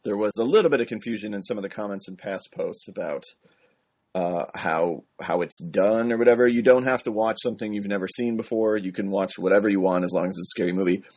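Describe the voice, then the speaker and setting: Low-voiced man plugging a podcast. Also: fast talker. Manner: reads show plugs, joking and relaxed. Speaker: podcast co-host. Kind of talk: casual podcast chat.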